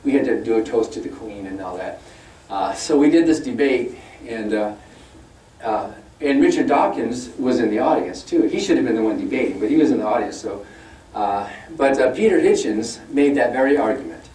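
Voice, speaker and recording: A man giving a public talk in a conversational tone, turning animated when he quotes his opponents. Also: medium pitch, moderate pace. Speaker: guest speaker. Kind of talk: public lecture. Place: lecture room. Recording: echoey hall, mic from a distance.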